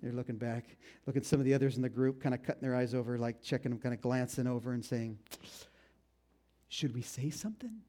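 A man preaching a conversational sermon, retelling a story with lively animation and speaking straight to his congregation. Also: mid-range voice, rapid-fire. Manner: animated, talks straight to the congregation, frequent "you know". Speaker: pastor.

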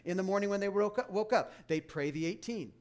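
Man, middle-aged pastor, emphatic sermon delivery, restarts and asides, slightly higher voice. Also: fairly quick.

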